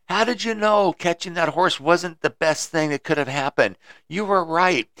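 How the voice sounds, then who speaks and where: A man voicing an excitable, despairing farmer. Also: a little high, normal speed, no room sound, clean studio sound, voice pushed up. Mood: distraught. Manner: raised, pleading outbursts. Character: distraught middle-aged male farmer, excitable and quick to despair. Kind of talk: storytelling podcast.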